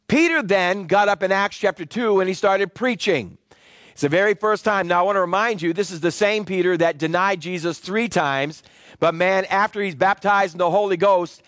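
A man preaching a teaching sermon in a fairly high voice, walking through scripture verse by verse. He has his congregation repeat key terms back to him. The sound is dry and close, with little room echo. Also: fairly bright tone. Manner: call-and-response with the congregation; explanatory, citing scripture verses. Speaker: pastor.

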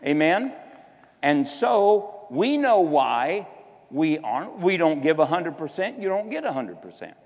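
A man's voice: fairly high pitch, very animated, a little mellow, dull audio. A man preaching a sermon, exhorting the congregation and stretching out key words for emphasis. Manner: exhorting, shifts between slow drawn-out emphasis and quick asides. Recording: long hall reverb.

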